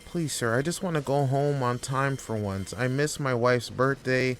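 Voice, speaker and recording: A man's voice: medium pitch, moderate pace, slight background noise, voice pushed up, natural voice. A man voicing a worn-out office clerk who pleads with his boss and then snaps back defiantly. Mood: pleading. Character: overworked male office clerk pushed to anger.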